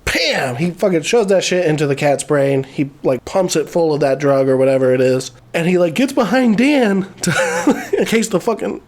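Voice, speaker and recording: A man with a slightly high voice recaps a film in loose, everyday chat. His talk is rambling and full of swearing, broken up by chuckles. It sounds offhand and unscripted. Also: lively intonation, normal speed, darkish tone. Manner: profane, laughing, rambling retelling. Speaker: movie reviewer.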